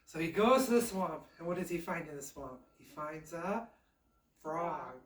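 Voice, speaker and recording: A woman telling a fairy tale aloud in a chatty, animated, conversational way. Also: sits low, moderate pace, reverberant, distant mic, slight background noise. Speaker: storyteller. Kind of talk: casual oral storytelling.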